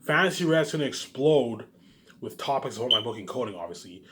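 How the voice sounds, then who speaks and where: A man's voice: medium pitch, expressive, brisk, background noise. Boastful rambling man. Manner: boastful, repetitive, restarts often. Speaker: vlogger. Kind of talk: rambling home monologue. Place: home, noise upstairs.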